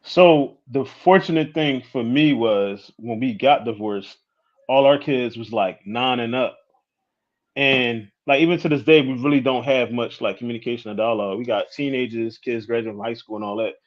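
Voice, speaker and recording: A man's voice: medium pitch, normal speed. A man in his thirties, a podcast guest talking candidly and casually, often checking in with "you know what I'm saying.". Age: 30s. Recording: dull lo-fi sound.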